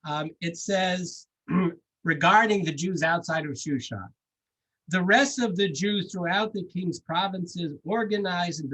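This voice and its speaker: A man's voice: fairly high pitch, fairly bright tone, poor audio. A man giving a sermon as a rabbi, conversational and storytelling, with jokes and asides.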